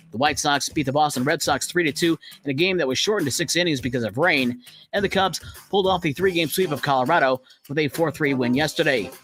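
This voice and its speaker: Male sports newsreader, brisk and steady, slightly high voice, faint music bed. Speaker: sports news reader. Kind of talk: scripted sports update.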